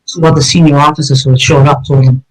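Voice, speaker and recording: A man's voice: a little high, little pitch movement, fast, low-quality recording. A middle-aged man from Massachusetts, a retired detective telling his story as a guest in an interview, blunt and intense, swearing often. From Massachusetts, USA. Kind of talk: personal story told in an interview.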